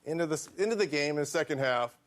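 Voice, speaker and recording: A former basketball player telling an anecdote in an articulate, amused way. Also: male voice, fairly high pitch, expressive, quick pace. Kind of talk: anecdote on a talk show.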